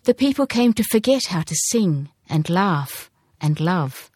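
A woman voicing an ancient male hoopoe wishbird, speaking slowly, solemnly and sorrowfully. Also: lowish voice, big pitch swings, darkish tone, dry recording, studio quality.

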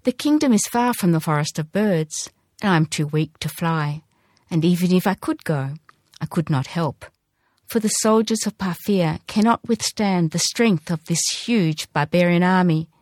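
A woman voicing an ancient male hoopoe wishbird, speaking slowly, solemnly and sorrowfully. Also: lowish voice, expressive, a little mellow, no room sound, lightly acted.

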